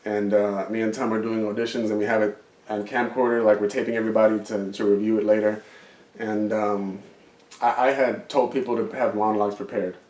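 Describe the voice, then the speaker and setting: A man with a fairly low voice, rambling through a story in casual podcast chat, dropping fillers and curses as he goes. He is set back from the mic, so the room echoes around him. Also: flat delivery, fairly quick, a little mellow. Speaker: podcast co-host. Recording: roomy, distant mic.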